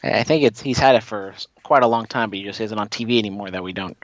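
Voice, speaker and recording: A man co-hosts a casual wrestling podcast, speaking quickly in a fairly low voice as he rambles through long, opinionated takes full of "you know." The recording has no room sound and lacks high frequencies.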